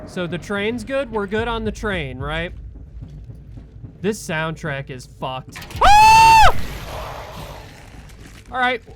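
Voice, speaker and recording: Over a very noisy, loud game soundtrack, a man gives live commentary while playing a horror game. His voice is high-pitched and expressive yet slow-paced, and he jumps, swears, and yelps whenever something scares him.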